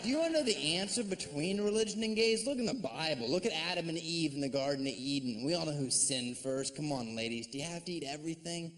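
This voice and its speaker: A man doing a sardonic, mocking stand-up comedy set on stage, slipping into shrill put-on voices. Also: fairly quick, hardly any pauses, fairly bright tone. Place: comedy stage before a live audience. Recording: live stage recording with audience noise.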